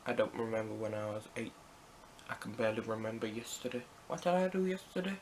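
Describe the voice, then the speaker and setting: A man's voice: on the low side, expressive, quick pace, darkish tone, a little hiss or hum. A British teenage boy answering random questions to camera in a chatty, playful way with jokey asides. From Britain. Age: teens. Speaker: vlogger. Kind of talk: casual Q&A to camera.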